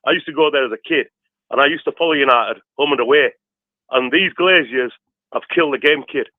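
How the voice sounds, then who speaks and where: A man in his fifties with a Yorkshire accent, calling in to rant passionately, tacking "kid" onto nearly every pause. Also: mid-range voice, no echo. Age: 50s. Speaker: caller. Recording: tinny phone line.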